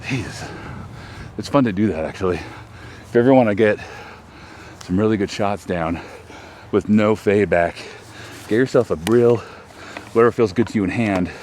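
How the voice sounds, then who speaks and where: Against a noisy backdrop, a Texan man, US, whose voice sits on the low side, hosts a laid-back outdoor vlog on a disc golf course. He's chatty and self-deprecating, rambling on about his throws.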